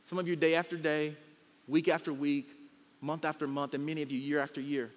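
Man, guest pastor, sermon, emphatic, drawn-out words, high voice, big church hall, long reverb. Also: level tone, slight background noise. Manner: emphatic, stretches words out to make a point.

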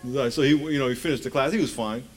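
A man's voice: mid-range voice, rapid-fire. A man in his forties preaching a conversational sermon in a church, joking and firing rhetorical questions at the congregation.

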